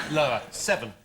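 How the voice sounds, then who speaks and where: A man on a comedy panel show, riffing with dry, mock-indignant quips. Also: on the high side. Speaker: regular panelist. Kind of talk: improvised comic banter. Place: TV studio with audience. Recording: heavy tape hiss from an old VHS copy.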